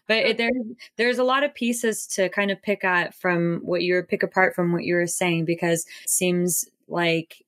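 A woman's voice: on the low side, fairly even intonation, moderate pace, fairly bright tone. A woman hosting an interview, asking thoughtful, probing questions. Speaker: podcast host. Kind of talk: conversational interview.

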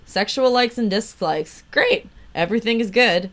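A young woman with a fairly high, fairly bright voice co-hosts a podcast at a moderate pace, reading questionnaire answers aloud. It's casual chat, and she laces her reading with profanity and laughter.

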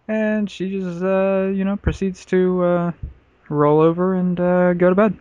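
A man's voice: high voice, level tone, measured pace, darkish tone, clean tone, no room sound. A man casually telling a crude personal story on a podcast, rambling with lots of filler words. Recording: dull, lo-fi podcast audio.

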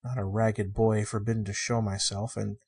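A man reading the part of a shy, wondering sixteen-year-old girl, in a soft, earnest and innocent way. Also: on the low side, little pitch movement, moderate pace, vocal fry, slightly rough. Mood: wistful.

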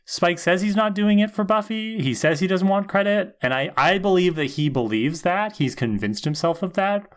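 A man's voice: high voice, animated, normal speed, hardly any pauses, clear, resonant tone. Man analyzing a TV show casually. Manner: thoughtful, checks in with frequent "right?", swears for emphasis. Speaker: podcast co-host.

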